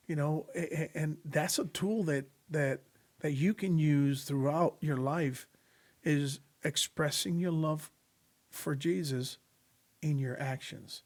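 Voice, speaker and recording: A man with a fairly high speaking voice tells a personal faith story in an earnest, preacherly way. He slips into the voices of the people he quotes and leans into the lessons he draws. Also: takes it slowly, darkish tone. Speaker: podcast guest sharing testimony. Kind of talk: storytelling testimony in casual conversation.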